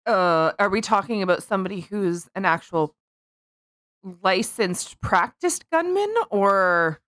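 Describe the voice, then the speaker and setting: A woman hosts a casual podcast, sarcastic and quick to giggle as she rambles. Her pitch swings up and down a lot. The recording is dry and close. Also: expressive, fairly bright tone, no echo. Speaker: podcast host. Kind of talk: casual comedic political chat.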